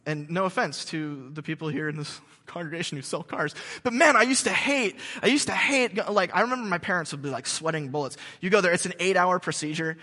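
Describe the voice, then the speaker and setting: A man preaching a sermon to his congregation, telling stories in an animated, joking way with many restarts. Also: high-pitched, brisk, hardly any pauses, long reverb tail. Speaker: pastor. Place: church sanctuary.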